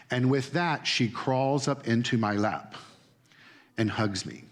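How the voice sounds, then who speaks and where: Guy preaching casual sermon, storytelling, chatty, mid pitch voice. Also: slow pace. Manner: animated, conversational, acts out quoted voices. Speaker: minister. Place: church sanctuary.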